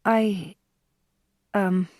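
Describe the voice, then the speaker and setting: A woman voicing an anxious, hesitant woman in an audiobook, speaking haltingly. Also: mid-range voice, steady tone, a little mellow, no room sound, clean studio sound, pitched above the performer's own voice. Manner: hesitant, faltering.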